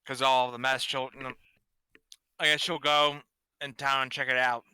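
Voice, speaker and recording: A man's voice: mid-range voice, level tone, moderate pace, sharp tone, clean tone, no room sound. A man playing in a tabletop game, talking hesitantly as he thinks aloud. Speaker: player. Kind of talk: casual play chat.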